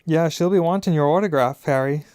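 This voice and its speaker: A man's voice: fairly high pitch, fairly quick, a little mellow, smooth, no echo, studio quality, close to an everyday voice. A man voicing a cheeky, joking teenage boy in an audiobook reading. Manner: cheeky, teasing.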